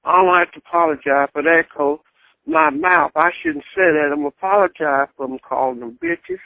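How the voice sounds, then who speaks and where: A woman's voice: fairly low pitch, very animated, moderate pace, vocal fry, bright, forceful tone, no echo, poor audio. An older grandmother telling her story in a blunt, candid way and chuckling as she talks. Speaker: interviewee. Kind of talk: casual storytelling.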